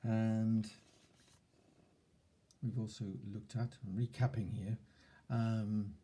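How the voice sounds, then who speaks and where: A man giving a relaxed self-help lesson, thoughtfully recapping points and demonstrating tones of voice. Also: on the low side, gravelly, slightly rough. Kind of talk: relaxed instructional talk.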